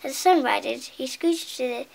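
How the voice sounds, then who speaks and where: A woman reading a picture book aloud in an expressive way, correcting her slips and adding asides about the pictures. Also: high voice, normal speed, creaky. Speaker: storybook reader.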